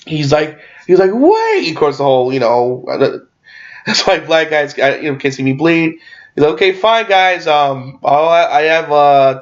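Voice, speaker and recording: Rambling man with a dull lo-fi sound. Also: mid-range voice. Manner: halting, full of fillers and restarts. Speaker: movie reviewer. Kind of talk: rambling casual movie recap.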